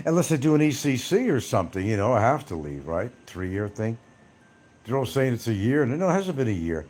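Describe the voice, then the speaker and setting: A man's voice: mid-range voice, big pitch swings, fairly quick, darkish tone. A man hosting a livestream, chatting casually with his viewers in a loose, profane, rambling way. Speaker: livestream host reading chat.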